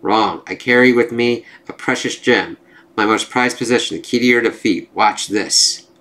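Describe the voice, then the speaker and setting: Brief: a man doing a cold male robot brain, flat and deliberate. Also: lowish voice, natural voice. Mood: stern.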